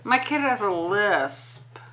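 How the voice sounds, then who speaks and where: Lady co-host telling a story, bright clear voice, casual. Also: medium pitch, sing-song, takes it slowly. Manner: storytelling, steering talk back on topic. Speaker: podcast co-host. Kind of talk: casual chat.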